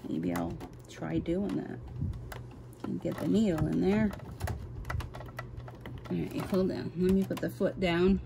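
Recorded only on a camera mic in a home sewing room with an open window and a ceiling fan, the background is noisy. The embroidery vlogger, a woman with a fairly low-pitched voice, chats to viewers casually about how to do things while she works at a machine, flustered and apologetic.

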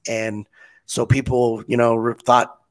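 A man hosting a podcast, telling stories in a relaxed way with frequent restarts. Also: medium pitch, measured pace. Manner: relaxed storytelling, many restarts. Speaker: podcast host. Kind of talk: casual interview chat.

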